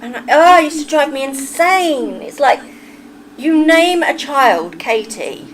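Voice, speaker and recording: A middle-aged Englishwoman with a Kentish accent chats casually and opinionatedly with her livestream viewers, talking straight to chat. Her high voice is animated but unhurried, captured in a rough recording with slight background noise.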